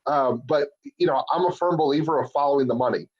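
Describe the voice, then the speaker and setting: A man's voice: fairly high pitch, fast talker, darkish tone, breathy edge, muffled recording. A man co-hosting a casual podcast, talking bluntly and profanely, a little worn out from talking all day. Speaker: podcast co-host, lawyer. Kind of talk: casual opinionated chat.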